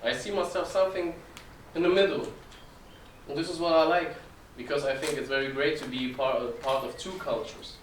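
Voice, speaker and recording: A man's voice: a little high, moderate pace, a little hiss or hum. A man, giving an earnest informal talk to an audience and often restarting phrases. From Germany. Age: 20s. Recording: echoey room, distant mic, faint ambience.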